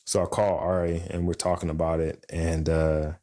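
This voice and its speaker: A middle-aged man on a podcast, chatting casually and telling an animated story, acting out the voices of the people in it. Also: low-pitched, moderate pace. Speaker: podcast co-host. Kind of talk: casual chat.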